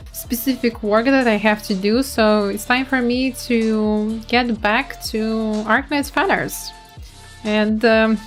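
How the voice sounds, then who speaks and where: Young woman streamer, relaxed chatty narrator, slightly high pitch, faint music bed. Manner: chatty, loose, with small restarts. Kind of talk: reading a game story aloud, then casual chat.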